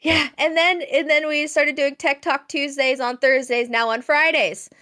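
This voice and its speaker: A woman with a high voice co-hosts a casual chat show. She tells her story in a long, chatty ramble, stacking one event on the next and laughing easily along the way. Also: fairly even intonation, normal speed, pushed and bright. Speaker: podcast co-host.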